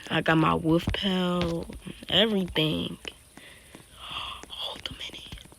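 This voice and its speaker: A woman's voice: on the low side, steady tone, takes it slowly, vocal fry, a bit bright. A woman casually talking through her own video game play, often dropping into a whisper. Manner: chatty, keeps drifting into whispers. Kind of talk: casual gameplay commentary.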